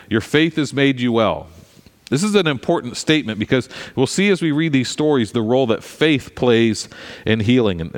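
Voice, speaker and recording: Preaching in a lively, chatty manner, this medium-pitched male pastor keeps breaking off for asides to his congregation. The sound has a long, hall-like reverb.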